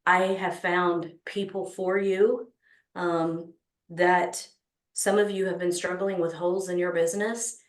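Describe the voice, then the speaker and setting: With a Texas accent and lots of enthusiasm, a woman delivers the opening remarks as host of an online business summit, often saying um and starting over. She speaks low with a darkish tone, and the room echoes.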